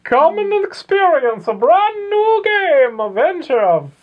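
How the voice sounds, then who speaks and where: A man voicing an old male shopkeeper hawking a new game in a high, strained old voice. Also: big pitch swings, takes it slowly, phone-quality sound, full character voice.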